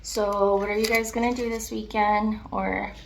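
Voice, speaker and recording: A young woman in a mukbang vlog, chatting casually and excitedly between bites, with lots of "like" and appreciative "mm" sounds. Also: mid-range voice, normal speed, gravelly, slight background noise. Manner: chatty, filler-heavy, excitable, with chewing and "mm" sounds between remarks. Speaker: mukbang vlogger. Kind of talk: casual chat while eating.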